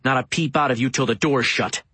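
Woman putting on a deep growling menacing man. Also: brisk, a bit bright, slightly rough, dry recording, full character voice. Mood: gruff. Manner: low growling, curt. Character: gruff menacing adult male captor.

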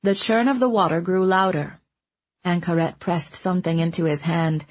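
A woman reading a story aloud as an audiobook narrator, in a calm, even manner. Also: lowish voice, moderate pace. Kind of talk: scripted narration.

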